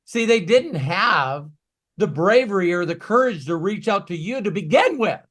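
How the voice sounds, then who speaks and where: A man coaching in a Q&A talk, emphatic and ranting, swinging from quiet asides to loud bursts. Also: high-pitched, lively intonation, normal speed. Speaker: business coach.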